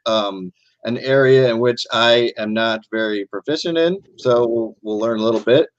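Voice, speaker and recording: A man's voice: mid-range voice, dry recording, highs cut off. A man hosting a casual live video stream, upbeat and chatty, greeting viewers and introducing a guest over a computer mic. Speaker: host. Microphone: computer mic on a video call.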